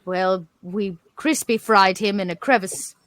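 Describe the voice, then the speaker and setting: A woman playing a tabletop role-playing game who pitches plans with playful flair. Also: fairly even intonation, a little slow, fairly bright tone. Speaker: player. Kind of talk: in-character tabletop play.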